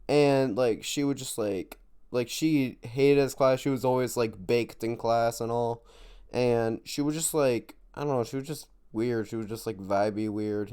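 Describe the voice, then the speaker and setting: A man's voice: mid-range voice, a little mellow, smooth. A man telling a casual storytime, rambling with constant fillers and swearing. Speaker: vlogger.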